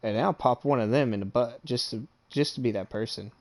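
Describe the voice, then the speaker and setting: A man who streams tells a profane, bragging story about himself in a medium-pitched, darkish voice, moving a little fast. He's amused, curses freely, and often pauses to check in with an "okay?"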